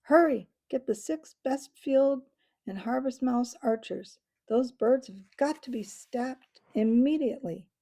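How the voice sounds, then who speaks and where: A woman voicing a brave young mouse hero who gives commanding shouts, reading a storybook aloud. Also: mid-range voice, lively intonation, unhurried, gravelly, hardly any pauses, slightly rough, full character voice.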